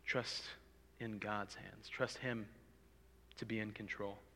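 Casting note: male preacher, earnest and pleading, bright forceful tone, long hall reverb. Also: fairly low pitch, little pitch movement, slow pace, gravelly, a little hiss or hum. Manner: earnest, pleading, swells loud for emphasis. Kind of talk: sermon.

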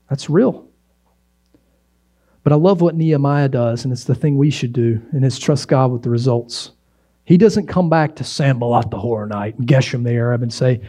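A man preaching a sermon as pastor, conversational and animated, slipping into mocking voices when he quotes others. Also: a little high, normal speed.

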